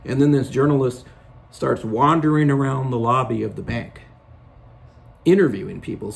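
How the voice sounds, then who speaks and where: Gravelly sarcastic male commentator. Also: mid-range voice, normal speed, pauses often. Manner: sarcastic, storytelling with mock quotes. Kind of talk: opinion commentary monologue.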